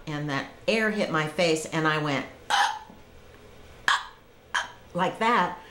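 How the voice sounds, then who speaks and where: A woman earnestly recounting a personal experience in an animated storytelling manner to viewers. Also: sits low, echoey room, slight background noise. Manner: earnest, animated retelling with restarts. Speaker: vlogger telling her own story.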